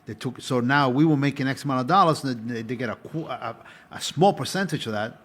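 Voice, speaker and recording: Husky man recalling his acting career. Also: mid-range voice, a little fast, fairly bright tone. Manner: rambling, with restarts. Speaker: guest, former stage actor. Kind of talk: casual interview chat.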